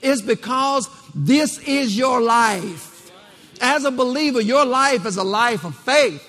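A man's voice: very high-pitched, lively intonation, slow, bright, forceful tone, faint music behind. A man preaching a rousing sermon to a congregation, repeating phrases and calling for responses. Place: church. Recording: long reverb of a church hall.

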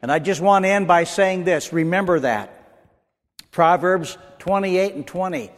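A man's voice: sits high, unhurried. Emphatic preacher man in a big reverberant hall. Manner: emphatic call-and-response preaching. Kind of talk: sermon with closing prayer. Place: church hall. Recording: long church-hall reverb.

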